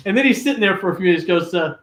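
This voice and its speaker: A man's voice: high voice, animated, racing, heavy background noise. An older man, a guest, telling stories animatedly with lots of fillers and restarts. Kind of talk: casual storytelling. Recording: roomy echo.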